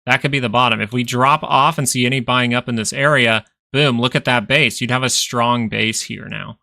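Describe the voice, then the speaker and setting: A man's voice: medium pitch, fairly even intonation, moderate pace, creaky, pushed and bright, dry recording. A man hosting a live stock market stream, chatting casually as he walks through charts, thinking aloud and repeating phrases for emphasis. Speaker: stock market livestream host.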